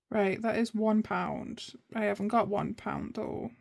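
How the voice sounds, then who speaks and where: A woman's voice: mid-range voice, fairly even intonation, measured pace, creaky, few pauses, a little mellow. A woman chatting casually to herself as she sorts cash at her home desk. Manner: chatty, talks to herself while sorting money. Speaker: budgeting vlogger. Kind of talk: casual chat while cash stuffing.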